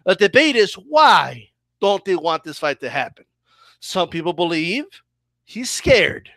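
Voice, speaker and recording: A man's voice: high-pitched, fairly bright tone, no room sound. A man giving a heated boxing opinion rant as a commentator, fired up and repeatedly asking "okay?" and "right?".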